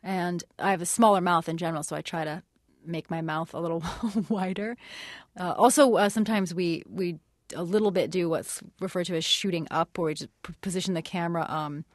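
A woman's voice: fairly low pitch, fairly even intonation, brisk, no echo, studio quality. A woman guest in a radio interview, explaining her craft thoughtfully with many hesitations and light laughs. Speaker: actress and guest.

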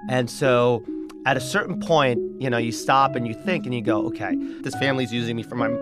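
A man in an interview, casually telling his own story in an animated, chatty way, with music playing underneath. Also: medium pitch, fairly quick. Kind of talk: casual first-person storytelling.

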